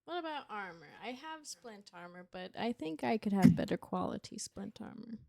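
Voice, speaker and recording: A woman takes part in a tabletop game, speaking in a laid-back, somewhat hesitant way. Her mid-pitched voice carries a gravelly fry. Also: animated, moderate pace, dark tone, no room sound. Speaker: player.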